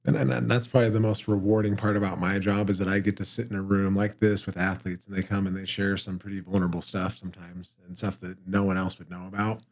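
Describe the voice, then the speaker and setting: A man working as a performance and mental health coach, explaining ideas calmly and steadily in an interview. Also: deep voice. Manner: calm, measured explaining. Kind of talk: interview guest conversation. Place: podcast studio room.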